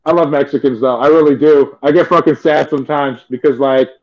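A man's voice: medium pitch, steady tone, fairly quick. A man hosting a casual comedic chat, rambling and swearing freely with lots of filler words. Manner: rambling and profane, full of "like" fillers. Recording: dull lo-fi recording.

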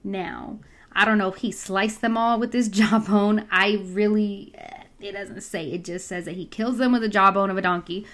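A woman's voice: mid-range voice, normal speed. Chatty young woman retelling a Bible story. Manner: chatty, animated, acts out voices with slang.

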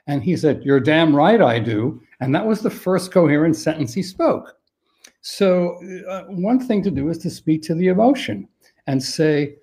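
An older man sharing caregiving advice on dementia in a thoughtful, halting way with frequent restarts. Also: a little high, expressive, darkish tone. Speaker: dementia care expert guest. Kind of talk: conversational advice on a live stream.

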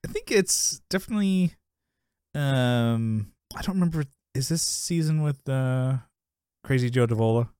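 A man's voice: mid-range voice, animated, unhurried, warm tone, clear, resonant tone, dry recording, clean studio sound. A man co-hosting a podcast in casual chat, rambling through a sitcom episode recap, laughing often and acting out the characters' lines. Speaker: podcast co-host.

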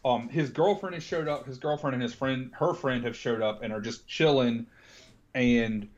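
Animated man retelling movie scenes. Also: medium pitch, moderate pace, dull audio. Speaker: podcast co-host. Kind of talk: casual film discussion.

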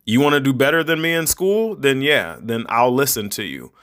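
A man's voice: mid-range voice, lively intonation, moderate pace, a bit bright. A middle-aged man hosting a podcast, giving rambling, conversational advice to parents in a preachy tone. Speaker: podcast host. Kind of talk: casual monologue podcast.

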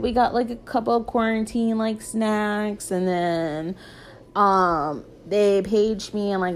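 A woman's voice: a little high, darkish tone, a little hiss or hum. A young woman vlogger telling a rambling casual story, filling her talk with "like". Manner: rambling, peppered with "like".

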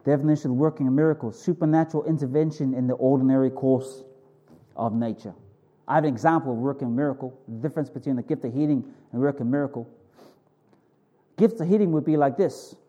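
A pastor preaching a sermon in an informal, animated way, telling stories vividly and breaking off for quick self-corrections. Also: male voice, muffled recording. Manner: animated, vivid storytelling with sudden high exclamations.

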